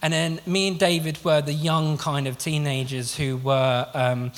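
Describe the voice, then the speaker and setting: A man's voice: fairly high pitch, flat delivery, measured pace. A man preaching a sermon in an earnest, conversational way, often restarting his sentences. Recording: long reverb of a large hall.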